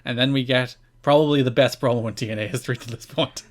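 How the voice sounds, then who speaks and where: A man's voice: mid-range voice, steady tone, fast talker. Enthusiastic man recapping for a podcast. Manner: enthusiastic, recaps at length with laughs. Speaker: podcast co-host. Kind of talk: casual chat.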